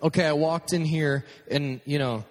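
Animated male pastor in a reverberant hall. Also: a little high, normal speed. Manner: animated, joking, acts out his own stories. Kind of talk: casual storytelling sermon.

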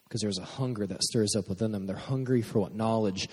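A man's voice: lowish voice, fast, a little mellow, breathy edge. Man preaching in a reverberant hall. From Michigan, USA. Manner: conversational, jokey asides to the congregation. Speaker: pastor. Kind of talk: sermon.

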